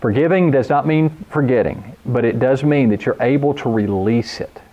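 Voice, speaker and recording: A man's voice: mid-range voice, moderate pace, muffled recording. A man preaching a sermon, speaking earnestly and driving points home with repeated phrases. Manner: earnest preaching, quotes scripture, emphatic repetition. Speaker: pastor.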